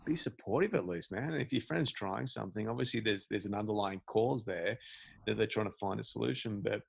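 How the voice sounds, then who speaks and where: Male meditation teacher, podcast guest; low, gravelly, animated and emphatic. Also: a little fast, dry recording. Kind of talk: casual podcast conversation.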